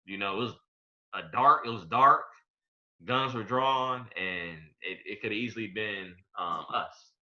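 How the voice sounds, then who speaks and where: A young man co-hosting a podcast, telling a story in casual chat with laid-back slang, going quiet at its serious parts. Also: fairly low pitch, unhurried, highs cut off. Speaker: podcast co-host.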